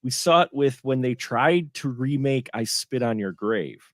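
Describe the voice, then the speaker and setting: A man as a guest film reviewer in a casual live stream chat, animated, acting out his own reactions. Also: medium pitch, unhurried, no echo, studio quality.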